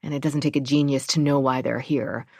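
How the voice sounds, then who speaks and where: A woman's voice: extremely low pitch, fairly even intonation, a little fast, vocal fry, warm tone, no echo, clean studio sound, full character voice. A woman narrator voicing a determined mother who speaks bluntly and insistently. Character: determined mother searching for her daughter.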